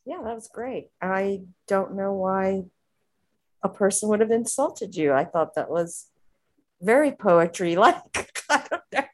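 A woman's voice: mid-range voice, lively intonation, takes it slowly, darkish tone, slight background noise. A woman hosting a casual chat, rambling with many fillers and frequent laughs. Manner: rambling, full of "you know" and "like" fillers, laughing often.

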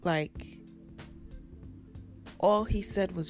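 A woman's voice: fairly low pitch, slow pace, vocal fry, darkish tone, faint music behind. A woman preaching a sermon with an emphatic, repetitive cadence.

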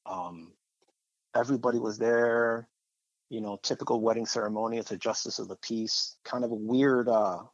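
A man's voice: medium pitch, steady tone, normal speed, no room sound. Guy telling his own testimony, chatty and meandering, kinda muffled dry sound. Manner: conversational, rambling with fillers and repeated phrases. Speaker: person sharing a faith testimony. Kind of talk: personal testimony storytelling.

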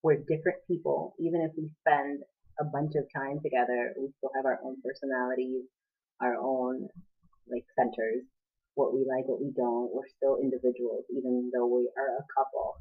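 A woman's voice: rumbling low, little pitch movement, normal speed. A woman co-hosting a casual podcast, earnest and upbeat as she gives advice and wraps up the episode. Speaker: podcast co-host. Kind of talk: casual chat. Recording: tinny phone-like audio.

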